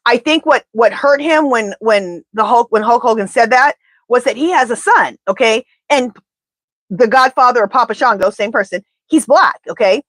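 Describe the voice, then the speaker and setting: A woman reading tarot on a live stream, chatting and rambling as she talks to her viewers. Her voice sits a bit high. The sound is dry and close, with no room echo. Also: normal speed, fairly bright tone. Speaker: tarot reader. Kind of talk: casual live-stream chat.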